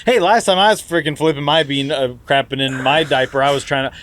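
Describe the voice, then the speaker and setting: A man's voice: a little high, fairly even intonation, fairly quick, fairly bright tone, slight background noise. A man co-hosting a comedy podcast, riffing playfully in casual chat. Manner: playful, riffing on absurd tangents. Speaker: podcast co-host.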